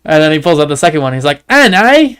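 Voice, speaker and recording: A livestreaming gamer with a Canadian accent talks very fast in a slightly high, steady, clean-toned voice. His casual gameplay commentary rambles through jokey stories as he chats and plays.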